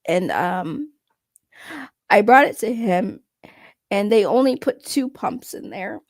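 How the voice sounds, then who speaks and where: A woman acting as a tearful, halting ex coffee girl. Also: medium pitch, animated, darkish tone, dry recording. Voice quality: halting and choked up, with many pauses. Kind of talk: mock testimony acting.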